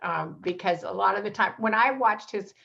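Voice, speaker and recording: A woman's voice: medium pitch, moderate pace, creaky. A woman speaks as a guest on an interview show, with a mid-range voice. She tells her stories with energy and acts out the voices of the people in them. The audio is dull and a little lo-fi. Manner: animated storyteller, acts out quoted voices. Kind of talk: casual interview storytelling.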